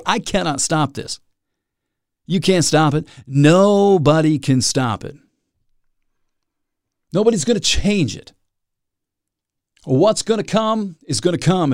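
A man's voice: on the high side, a little mellow, dry recording, studio quality. A man hosting a solo podcast, rambling and self-mocking with dramatic asides. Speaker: podcast host.

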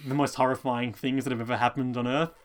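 A man's voice: mid-range voice, flat delivery, fast. Laid-back man narrating plot beats. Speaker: podcast co-host. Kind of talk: casual anime recap chat.

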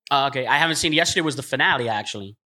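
A man hosting a casual convention chat, playful and joking, quick to laugh. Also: medium pitch, animated, bright, forceful tone. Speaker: convention panel host.

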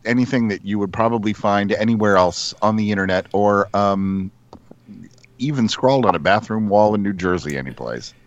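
A man's voice: lowish voice, normal speed, highs cut off. A man co-hosting a gaming podcast in casual chat with dry humor. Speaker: podcast co-host.

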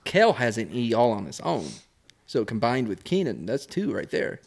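A male co-host on a casual podcast, with a mid-range voice that swings up and down a lot. He teases the others and jumps on their slips with quick mockery. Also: medium pitch, big pitch swings, gravelly, darkish tone. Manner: teasing, quick to mock.

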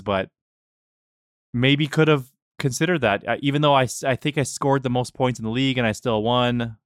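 A man's voice: mid-range voice, moderate pace, clean tone, no echo, studio quality. A man co-hosting a podcast in casual chat, joking and self-deprecating, hesitating with fillers. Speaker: podcast co-host.

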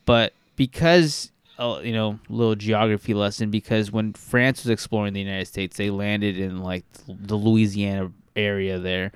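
A man's voice: lowish voice, fairly even intonation, moderate pace, hardly any pauses, clear, resonant tone, dry recording. A man from California co-hosting a casual podcast, rambling with lots of fillers and cursing. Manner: rambling, swearing, many fillers and restarts. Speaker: podcast co-host. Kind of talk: casual chat.

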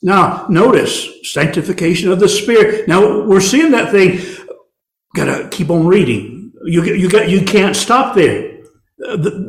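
A man delivers a sermon in a fairly high voice, pushing his pitch up whenever he quotes scripture. The sound is roomy and echoing. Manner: emphatic, rising on scripture quotes. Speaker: preacher.

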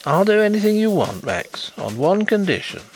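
A man doing a brisk, sceptical gentleman. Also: sits high, sing-song, soft background music, pitched above the performer's own voice. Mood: emphatic.

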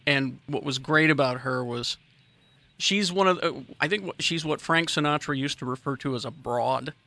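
A man hosting a radio talk show, jokey and quick to laugh. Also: on the high side, pushed and bright. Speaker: radio host.

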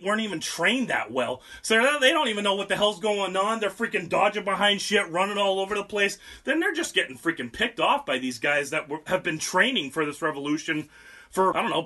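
A young man retells history with a high voice and lots of crude, mocking jokes. His tone is bright and cutting. He sounds animated and loose, like a casual podcast host. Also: fairly quick. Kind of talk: casual comic history storytelling.

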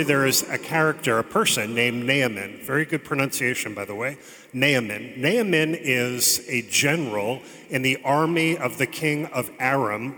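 Male preacher, bright and forceful tone, chatty storyteller with wry asides; church hall with a long echo. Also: mid-range voice. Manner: conversational storytelling with joking asides. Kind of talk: sermon. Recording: long reverb of a large hall.

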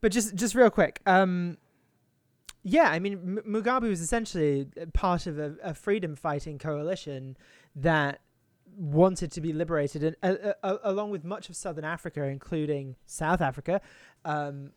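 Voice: mid-range voice, normal speed, no room sound. A podcast co-host explains things wryly, stopping and restarting often. The voice sits mid-range and the recording is dry and close. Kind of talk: casual podcast chat.

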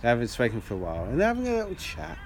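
A man's voice: mid-range voice, wildly swooping pitch, very fast, gravelly. A man co-hosting a podcast, chatting casually in a pub and telling long rambling jokes with lots of restarts. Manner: rambling storyteller with restarts, acts out voices. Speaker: podcast co-host. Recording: faint background noise in a pub.

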